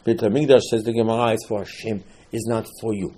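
A man's voice: on the low side, steady tone, fast, dark tone, a little hiss or hum. A man giving a sermon on scripture, telling the stories with animation, acting out the quotes and repeating key words for emphasis. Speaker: religious teacher.

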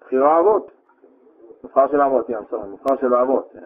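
A man's voice: medium pitch, quick pace, slight background noise. Man giving a Torah lecture over tinny audio. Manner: explains Hebrew verses line by line, hesitant restarts. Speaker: rabbi teaching Torah.

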